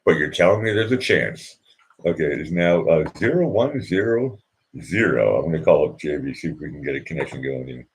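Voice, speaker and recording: A man's voice: rumbling low, very animated, fairly quick, slight background noise. A man hosting a live stream show, chatting casually with lots of fillers and jokes. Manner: rambling, jokey, lots of fillers. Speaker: show host.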